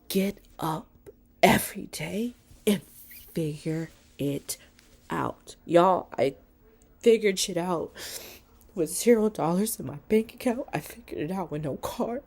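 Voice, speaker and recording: A woman self-filming a heartfelt motivational talk, speaking earnestly and often dropping to a hushed near-whisper. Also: fairly low pitch, takes it slowly, long pauses, slightly rough. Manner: earnest, heartfelt, swears, calls viewers y'all and baby. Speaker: motivational vlogger. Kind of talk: casual motivational talk to camera. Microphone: self-filmed with a selfie light.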